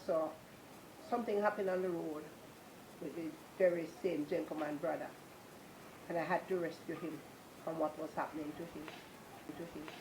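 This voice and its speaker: A woman's voice: low voice, fairly even intonation, normal speed, long pauses, noisy background. A woman with a Jamaican accent giving a personal religious testimony, telling her story earnestly and moving into repetitive, preaching praise.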